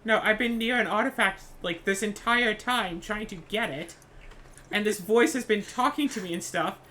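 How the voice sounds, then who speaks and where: Playful bright-voiced woman gamer. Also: mid-range voice, normal speed. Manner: playful, breaks into loud joking outbursts. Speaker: game recorder. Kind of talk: casual gaming chat.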